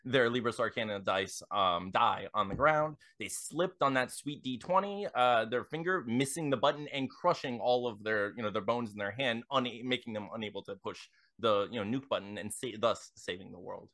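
A man's voice: medium pitch, moderate pace, pushed and bright. A man on a tabletop game podcast improvising a silly ad story, hesitant and full of ums and you knows. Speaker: podcast cast member.

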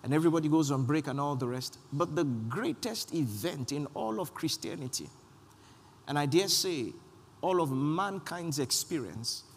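A man's voice: a little high, expressive, moderate pace, husky, long reverb tail. A man preaching a sermon as pastor, calling on the congregation to repeat lines after him and repeating his points for emphasis. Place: church sanctuary.

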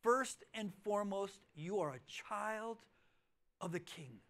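A high-pitched male pastor in middle age delivers a sermon in a church auditorium. He tells his story with swings between loud, pressing emphasis and quiet, hushed lines. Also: lively intonation, slow pace. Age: middle-aged.

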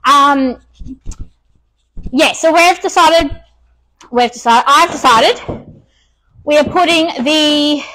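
Breathless chatty woman, high voice. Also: slow pace, pauses often, bright, forceful tone, rough recording. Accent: Australian. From Australia. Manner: chatty, self-talking with many ums. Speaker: furniture restorer hosting a live stream. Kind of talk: casual live-stream chat while working.

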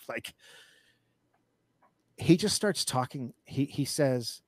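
A man's voice: mid-range voice, expressive, slow, pauses often, no room sound, clean studio sound. A man speaking as an interview guest in casual chat, ranting with anger and profanity and telling stories animatedly, with frequent restarts.

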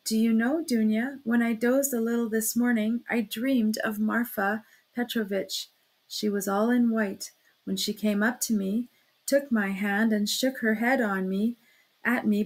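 A woman's voice: on the high side, steady tone, unhurried. A woman voicing an anxious, fluttering older mother who speaks timidly and keeps exclaiming, reading a classic novel aloud. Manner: flustered, exclaiming.

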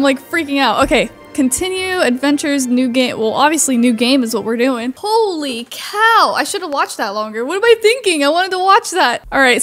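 A young woman hosting a video game let's-play, gushing excitedly with lots of "oh my gosh" and "like". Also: sits high. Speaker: gaming YouTuber host.

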